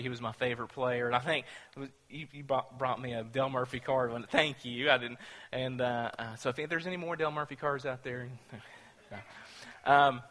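Male pastor, sermon delivery, storytelling with bursts of excitement, bright tone, long hall reverb. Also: medium pitch. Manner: storytelling, grows loud and animated when excited.

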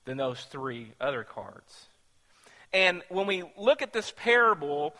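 A man preaching in a sermon, drifting from chatty storytelling into loud, animated bursts. His voice is slightly high for a man and very bright. It rings out with a long reverb, as if from a church hall. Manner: storytelling, grows loud and animated when excited. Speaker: pastor.

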